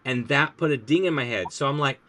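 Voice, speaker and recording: A man's voice: medium pitch, fairly quick, slight background noise. A man who teaches languages, chatting casually about his classroom and acting out bits of lessons as he goes. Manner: lively storyteller, acts out classroom voices.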